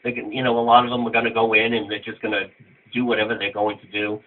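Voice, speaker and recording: A man's voice: on the low side, little pitch movement, quick pace. A man interviewing a guest, asking rambling, searching questions in a casual chat. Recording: tinny phone-like line.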